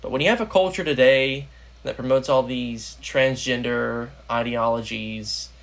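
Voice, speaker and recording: A man's voice: medium pitch, fairly even intonation, unhurried, fairly bright tone. A young American man hosting a casual political podcast, rambling with lots of fillers. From United States. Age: young adult. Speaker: podcast host.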